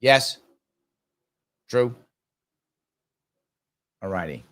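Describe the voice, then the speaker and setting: A man's voice: medium pitch, animated, drawn-out words, fairly bright tone. A man hosting a live ask-me-anything show, answering viewer comments and telling a travel story in an emphatic, conversational way. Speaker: livestream show host.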